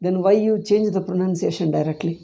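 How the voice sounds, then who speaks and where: A man's voice: high voice, quick pace, gravelly, dark tone. An older man with an Indian English accent, teaching and patiently explaining pronunciation, repeating words to model them. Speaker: Sanskrit teacher. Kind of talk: informal class discussion.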